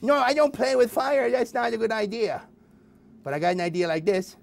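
Fretful boy puppet, quick nervous protests, voiced by a man. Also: very high voice, creaky.

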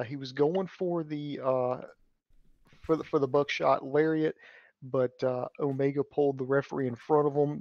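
A man's voice: mid-range voice, no echo. A man co-hosting a wrestling review, walking through a match step by step with plenty of uhs. His voice sounds a little dull and lo-fi, and the sound is dry. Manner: steady play-by-play summary with filler uhs. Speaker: co-host. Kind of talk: match recap.

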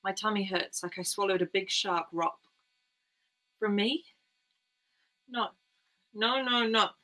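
A woman's voice: on the low side, fairly even intonation, unhurried, pushed and bright, full character voice. A woman voicing a small girl who pleads with her mother in a breathless, tearful way. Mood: pleading.

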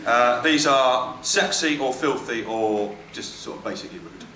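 A man doing live stand-up comedy, reading out jokes in a wry, halting way with lots of fillers and self-corrections. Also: mid-range voice, noisy background. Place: comedy venue with a live audience. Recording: echoey venue with loud crowd. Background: audience laughter and cheering.

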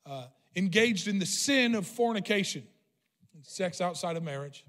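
A man preaching in a church hall, his voice slightly raised in pitch and trailing a long reverb. He tells his story conversationally, with plenty of fillers and restarts. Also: animated, moderate pace, fairly bright tone. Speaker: pastor. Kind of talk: sermon. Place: church sanctuary.

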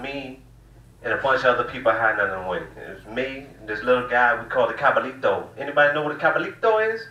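Brief: male comic, bright loose delivery, roomy distant live-room sound. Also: medium pitch. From Southern United States. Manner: loose, profane, drawling storytelling. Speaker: stand-up comedian. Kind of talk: stand-up set. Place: small cafe room used as comedy venue. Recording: roomy room, distant mic, faint hiss.

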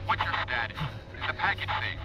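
A man's voice: a little fast, pushed and bright. An actor playing a curt, suspicious male military radio operator speaking over a phone line, clipped and commanding. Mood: brusque. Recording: noisy, crackly radio line.

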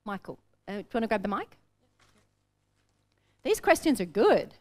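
Brisk Australian woman coaching a workshop. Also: mid-range voice. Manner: energetic, direct, storytelling. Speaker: business coach. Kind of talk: workshop teaching. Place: seminar room with an audience.

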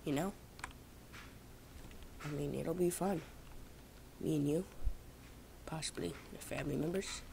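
With a deep, dark voice, vocal fry, a measured pace, and frequent pauses, a young gaming vlogger chats over gameplay indoors at home with slight background noise. She's rambling and self-mocking, speaking to viewers.

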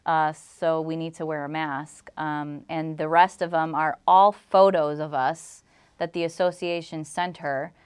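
Young woman guest, low smooth voice, rambling emotional account full of fillers and acted-out quotes. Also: steady tone, measured pace. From Illinois. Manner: rambling storytelling, full of "like", acts out quoted exchanges. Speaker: interview guest.

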